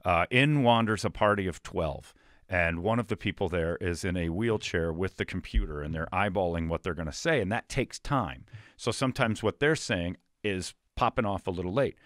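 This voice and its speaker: A man hosting a comedy podcast, telling a story in a quick, animated way and laughing often. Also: deep voice, no room sound, studio quality.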